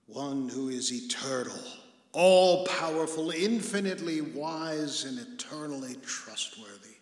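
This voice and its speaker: Male pastor, slow deliberate sermon delivery, earnest with hushed emphasis, long hall reverb. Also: a little high, expressive. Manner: earnest preaching, dropping to a hush for emphasis.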